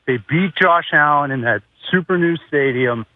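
Excited fan calling in on a tinny phone line. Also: male voice, a little high, moderate pace, dry recording. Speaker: caller. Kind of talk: call-in to sports radio.

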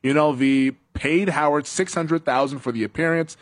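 A man's voice: on the high side, moderate pace. A man hosting a sports talk show, chatting casually, laughing often and acting out quotes. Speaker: sports radio host.

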